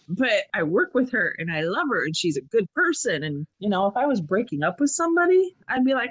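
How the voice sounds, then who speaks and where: A woman co-hosting a podcast in casual chat, blunt and expressive, swearing freely. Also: on the high side, fast talker, hardly any pauses, no echo. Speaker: podcast co-host. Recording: dull, muffled audio.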